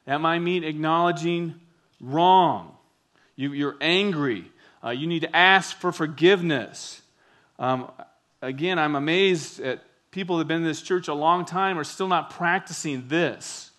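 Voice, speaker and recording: Middle-aged male pastor, slightly high voice, preaching with dynamic swings between loud and soft. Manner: preaching with wide swings from loud emphasis to hushed prayer. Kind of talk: sermon.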